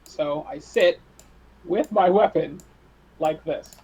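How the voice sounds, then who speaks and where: A man's voice: fairly high pitch, slow, a little mellow, husky, low-quality recording. A man playing his character in a tabletop game, brash and profane, laughing often. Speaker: player. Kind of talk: tabletop role-play.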